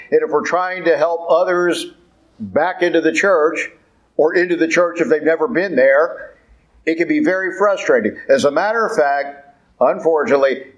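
A man delivers a sermon in a loose, conversational way, pressing his points with emphasis and rhetorical questions. His voice sits a little high for a man. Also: rough recording. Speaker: preacher.

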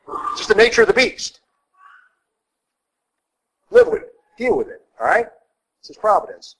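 A middle-aged male priest preaching a sermon in a blunt, folksy way, with sudden jumps up in pitch for emphasis. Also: poor audio.

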